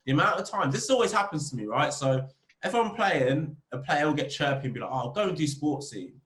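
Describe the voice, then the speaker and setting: A man, a football club captain, chatting as a podcast guest and telling lively stories about the game. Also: fairly quick. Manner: animated storyteller, rising pitch when telling funny stories. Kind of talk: casual interview chat. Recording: roomy echo.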